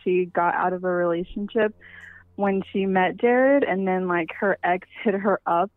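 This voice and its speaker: A woman's voice: fairly low pitch, a little slow, no room sound. A breathless woman calling in on a thin, tinny phone line with a dry sound. She rambles through fillers and says sorry, chatting casually with the hosts. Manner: rambling, filler-heavy, apologetic. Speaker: caller.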